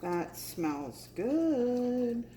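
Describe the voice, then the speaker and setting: A woman's voice: on the high side, sing-song, very slow. A woman chatting casually while cooking at home, filling her talk with ums and little asides. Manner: chatty, full of fillers and asides. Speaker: home cook vlogger. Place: home kitchen. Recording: roomy kitchen with loud background noise.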